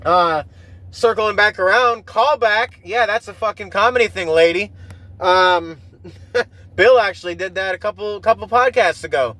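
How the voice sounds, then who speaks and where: High-voiced man ranting casually. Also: unhurried, bright, forceful tone, no room sound. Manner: profane, rambling, with frequent restarts. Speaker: podcast host. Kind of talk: casual rambling monologue.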